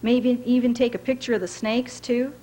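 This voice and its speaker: A woman's voice: fairly high pitch, flat delivery, normal speed, dark tone, pitched above the performer's own voice, natural voice, rough recording. A woman reading aloud voices a folksy male bus driver who teases in a drawl and calls people darlin'. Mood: needling.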